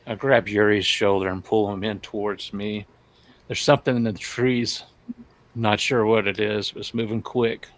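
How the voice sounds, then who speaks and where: A man's voice: on the low side, level tone, normal speed. A man playing a tabletop game, speaking in character in a terse, matter-of-fact way. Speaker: player.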